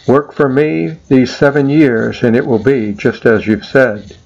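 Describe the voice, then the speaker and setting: A wily older uncle, as a man reading a storybook poem puts him on, genial and coaxing with a sly edge. His voice sits at a middling pitch. The recording is a little dull and lo-fi. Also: a little slow, vocal fry, darkish tone. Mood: welcoming. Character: scheming older male uncle, a wily herd owner.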